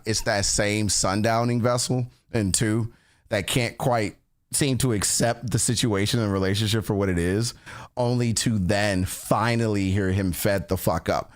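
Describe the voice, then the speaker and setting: A man chatting casually on a livestream, reacting to music with slangy talk and frequent laughter. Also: on the low side. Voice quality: animated, laughs often, slangy.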